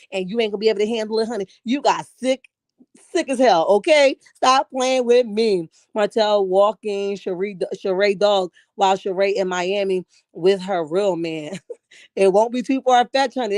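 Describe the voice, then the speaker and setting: A woman's voice: mid-range voice, no echo, studio quality. Sassy woman hosting a live chat. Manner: sassy, keeps saying "honey", reads chat aloud. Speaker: livestream host. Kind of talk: casual live-chat gossip.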